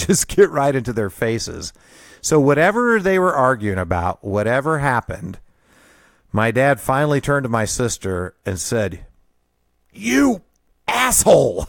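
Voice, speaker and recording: A man in his fifties tells a rambling, self-deprecating story about his family, chuckling as he goes. His voice sits at an ordinary middle pitch. He is recorded close and dry, with no room sound. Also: no room sound. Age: 50s. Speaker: podcast host. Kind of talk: personal storytelling monologue.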